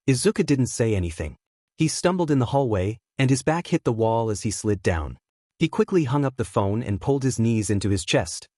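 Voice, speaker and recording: Male fanfic narrator, expressive and steady, animated delivery, dry studio. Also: medium pitch, brisk, no echo. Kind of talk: story reading.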